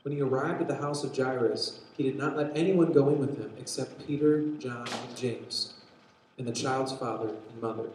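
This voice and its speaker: A man preaching a sermon, telling a Bible story with lively acted-out dialogue and frequent restarts. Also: medium pitch, moderate pace, slight background noise. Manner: animated storytelling, acts out quotes, restarts often. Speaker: pastor. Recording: very echoey hall.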